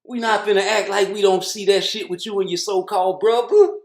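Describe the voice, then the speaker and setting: Male commentator, high-pitched, blunt and profane rant, echoey room. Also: steady tone, fairly quick. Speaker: boxing commentator. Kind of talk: ranting commentary.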